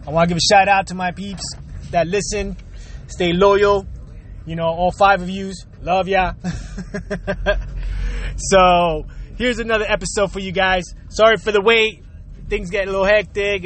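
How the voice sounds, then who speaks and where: A man's voice: high voice, a bit bright, slight background noise. A man from Florida hosting his own show, ranting in an exasperated, repetitive way, swearing a lot and mixing in Spanish words. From Florida, USA. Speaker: show host. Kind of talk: profane rant monologue.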